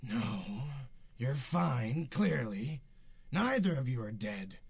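A bored, deadpan Death, voiced by a man with a gravelly, husky voice and an unhurried pace. He speaks in a flat, weary manner, and the sound is dry and close. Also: mid-range voice, heavily acted. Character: weary, deadpan male Death collecting souls. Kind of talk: sketch comedy acting.

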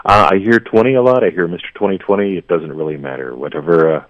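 A man's voice: low-pitched, fast, dry recording. A man speaking as a radio guest and life coach, rambling with stammered restarts. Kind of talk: radio interview. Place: remote, heard over a phone line. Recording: tinny phone line, dry.

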